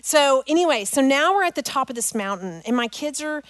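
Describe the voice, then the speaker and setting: A middle-aged woman with a high voice talks a little fast to a parents' group, and the recording is dry. She tells an emotional personal story with animated energy, links it to scripture, and calls her listeners "guys."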